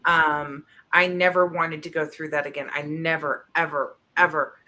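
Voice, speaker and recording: Bright-voiced woman sharing candidly. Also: sits low, little pitch movement. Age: 30s. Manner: emotional, confessional, halting restarts. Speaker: co-host. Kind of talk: candid personal chat.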